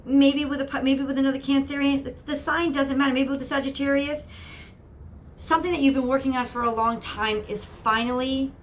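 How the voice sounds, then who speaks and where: Lady doing a tarot reading, kinda high voice, earnest and encouraging, faint hiss behind. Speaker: tarot reader.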